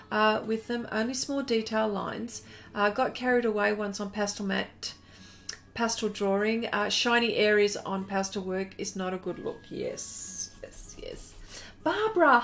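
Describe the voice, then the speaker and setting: Give me an unhurried Australian woman with a slightly high voice, greeting viewers as she paints. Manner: chatty and giggly, greets viewers by name. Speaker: art instructor on a live stream. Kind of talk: live-stream painting demo, reading chat aloud.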